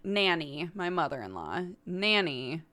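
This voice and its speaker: A woman's voice: low-pitched, very animated, unhurried, pushed and bright. A young American woman hosting a casual livestream, chatting to her viewers and laughing often. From United States. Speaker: livestream host.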